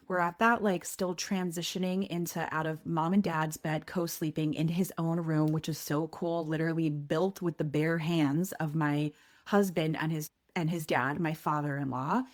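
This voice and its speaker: A woman in her thirties hosting a podcast, telling a personal story in a candid, animated way and quoting people in lively voices. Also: fairly low pitch. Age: 30s. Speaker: podcast host.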